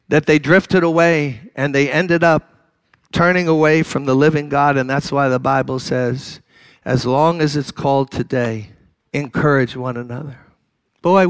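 An older male preacher delivers a sermon in a fairly high voice, swinging between passionate, climbing exhortation and quieter, direct appeals to his listeners. The sound is dry and close, with little room echo. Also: smooth. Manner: impassioned, rising to loud exhortation.

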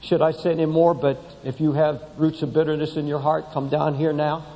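A man preaching a sermon to a congregation, impassioned and emphatic, often rising high as he drives a point home. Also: little pitch movement, a little fast, mellow. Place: large church sanctuary. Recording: long hall reverb in a church.

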